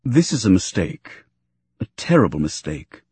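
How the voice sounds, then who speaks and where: A man's voice: low voice, big pitch swings, moderate pace, darkish tone, dry recording, heavily acted. A man as a regal, falsely kind count. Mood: suave. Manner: smooth, reassuring. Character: regal older male former Jedi count, smooth and falsely sympathetic.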